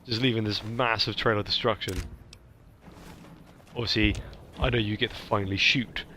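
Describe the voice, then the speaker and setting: A man's voice: lowish voice, fairly even intonation, normal speed, noisy background. A man, casually commenting on his gameplay with playful asides. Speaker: let's play host.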